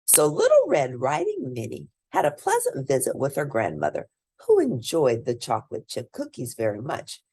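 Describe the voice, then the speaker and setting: A woman reads a children's storybook aloud at a slow, unhurried pace. Her voice is very low, warm and gravelly. She swings her pitch up and down widely. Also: dry recording. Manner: slow, expressive reading.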